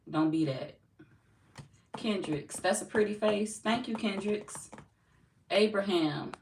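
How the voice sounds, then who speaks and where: Blunt St. Louis woman, echoey distant mic. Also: sits low. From St. Louis, US Midwest. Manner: blunt and profane, laughs often. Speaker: tarot reader greeting live chat. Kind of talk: casual livestream chat. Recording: echoey room, distant mic, faint noise.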